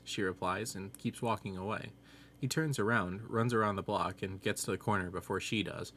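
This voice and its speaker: Low-voiced man telling jokes dryly. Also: moderate pace, fairly bright tone, slight background noise. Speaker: joke narrator. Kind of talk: scripted joke telling.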